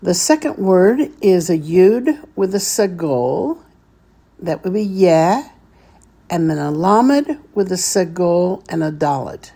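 A woman's voice: on the low side, big pitch swings, slow pace, hardly any pauses, dark tone, breathy edge. A woman teaching a beginners' Hebrew reading lesson, patiently sounding out each syllable step by step.

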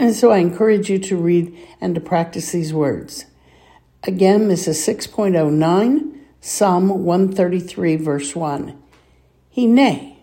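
A woman with a warm, lowish voice leads a slow reading lesson, patiently sounding out each word and having the listener repeat it. She clears her throat often as she runs her repeat-after-me drills.

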